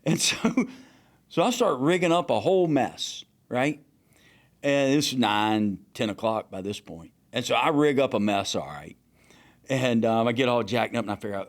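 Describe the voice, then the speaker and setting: Man, fishing captain, animated storyteller, shouts out quoted lines, casual and profane. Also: medium pitch, normal speed. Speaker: fishing captain, podcast guest.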